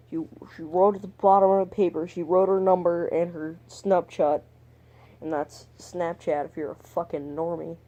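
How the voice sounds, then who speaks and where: A young man tells a story to camera in a loose, meandering vlog style. His voice is soft and mellow, and his talk is crude and full of swearing. He keeps drifting off topic and dropping mumbled, whispered asides. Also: sits high, lo-fi sound. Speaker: vlogger. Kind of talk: rambling storytime monologue.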